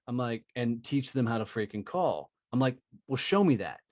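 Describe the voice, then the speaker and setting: This is a man in casual conversation, telling sales anecdotes with blunt, profane emphasis. His voice sits at an ordinary middle pitch. The sound is dry and close to the mic. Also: expressive, a little fast, darkish tone, no echo. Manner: profane, emphatic, tag questions. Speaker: podcast guest, sales trainer. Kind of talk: casual storytelling.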